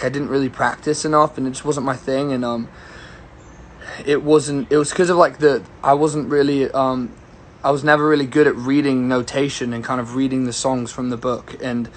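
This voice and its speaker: A young man talks in a rambling, easygoing way, greeting viewers by name as he answers their questions. His voice sits at an everyday middle pitch. It is picked up on a phone during a casual livestream. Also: a little hiss or hum. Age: young adult. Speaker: singer-songwriter.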